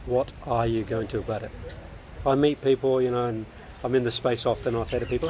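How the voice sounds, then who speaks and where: A man's voice: mid-range voice, quick pace, a little mellow, a little hiss or hum. A man hosting a live coaching stream outdoors, repeating upbeat questions to his viewers. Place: outdoors next to a lunch table. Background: people chatting and laughing nearby.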